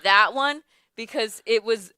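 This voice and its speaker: A young woman hosts a morning radio show from a studio. Her voice is bright and clear, recorded close and dry, and she chats casually, laughing often and losing her words mid-sentence. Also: a little high, a little slow, no echo. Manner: chatty, laughs often, trails off searching for words. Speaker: radio host. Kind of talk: casual chat. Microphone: studio microphone.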